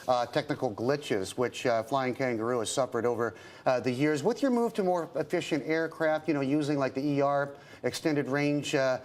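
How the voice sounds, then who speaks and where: A man's voice: mid-range voice, a little mellow. A man anchoring a business news program, asking long rambling questions with restarts and a joking touch. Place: television studio.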